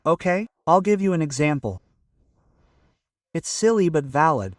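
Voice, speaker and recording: Motivational guy talking to camera, bit high voice, sounds kinda far from the mic. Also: big pitch swings, measured pace, dry recording, clean studio sound. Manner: earnest, repeats "okay?" to check in with viewers. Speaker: motivational vlogger. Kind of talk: casual motivational talk to camera. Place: at home early in the morning.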